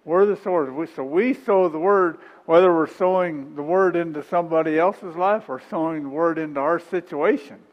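Middle-aged guy preaching, kinda high voice, easygoing folksy sermon, dull boomy hall sound. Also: moderate pace, hardly any pauses. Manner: conversational, folksy preaching with chuckles and repeated phrases.

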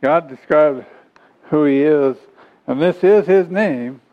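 A man with a somewhat high voice delivers a sermon, reading passages aloud and then breaking them down in folksy, chuckling asides. The recording is dull and lo-fi. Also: takes it slowly. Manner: reads scripture then explains it in homey, chuckling asides. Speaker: preacher.

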